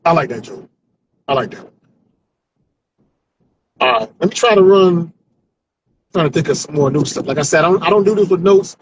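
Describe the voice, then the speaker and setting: High-voiced man rambling through stand-up bits. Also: normal speed, pauses often, a little hiss or hum, rough recording. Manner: rambling, self-talking, ends lines with "man". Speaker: comedian. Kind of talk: stream-of-consciousness stand-up practice. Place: car on commute.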